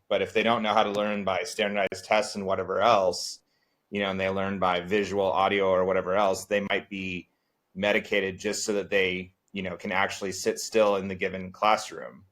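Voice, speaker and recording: A man's voice: deep voice, fairly bright tone. A man who teaches, talking in a casual group discussion, rambling with many filler words.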